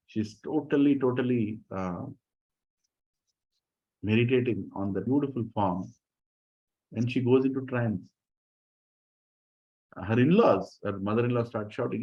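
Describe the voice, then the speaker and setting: A man teaching a devotional scripture class, telling the stories in an animated way and laughing often. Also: on the low side. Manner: animated storytelling with frequent laughter. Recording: dull lo-fi recording.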